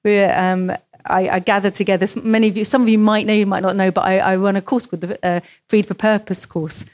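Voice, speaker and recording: A woman's voice: medium pitch, level tone, fast, darkish tone. A woman preaching a sermon in church, telling stories and acting out the voices of the people in them. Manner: storytelling, acts out quoted voices.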